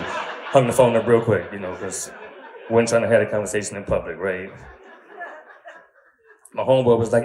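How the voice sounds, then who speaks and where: A man in his thirties doing a stand-up comedy set, telling crude stories in a conversational way and checking in with the crowd with quick asides. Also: on the low side, darkish tone. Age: 30s. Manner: conversational storytelling, crude punchlines, frequent "right?" asides.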